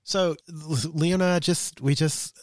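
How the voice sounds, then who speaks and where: A man's voice: a little high, fairly even intonation, slow pace, dry recording, clean studio sound. A man co-hosting a podcast, telling personal stories in a frank, rambling way with plenty of fillers. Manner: candid, rambling storytelling with many fillers. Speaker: podcast co-host. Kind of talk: casual chat.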